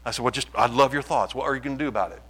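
A man preaching a sermon, impassioned and swinging from quiet to loud. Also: mid-range voice, very fast, breathy edge, low-quality recording. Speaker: pastor.

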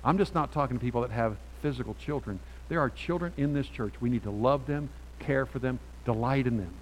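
A man's voice: medium pitch, a little fast, a little hiss or hum, low-quality recording. A middle-aged man, a pastor, preaching a sermon in a church with repetitive, rising bursts of emphasis. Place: church sanctuary.

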